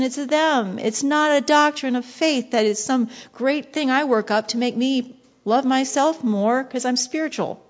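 Passionate woman preacher, soft then intense. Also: high-pitched. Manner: passionate, shifting between soft whispers and bursts of intensity. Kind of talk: devotional sermon. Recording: dull lo-fi recording.

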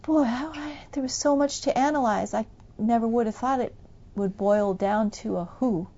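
A woman preaching a sermon in a fervent, emphatic way, breaking into loud bursts. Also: on the high side, moderate pace, lo-fi sound.

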